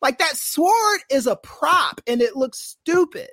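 A man co-hosting a casual wrestling podcast, talking in an animated, opinionated and teasing way. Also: very high-pitched, takes it slowly, dry recording, clean studio sound. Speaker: podcast co-host.

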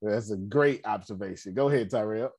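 Host type: low husky male voice, dry close sound, affirming and easygoing. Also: fairly quick, a little mellow, dry recording. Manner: affirming, laughs easily, repeats words. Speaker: host of a group call. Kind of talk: casual group call.

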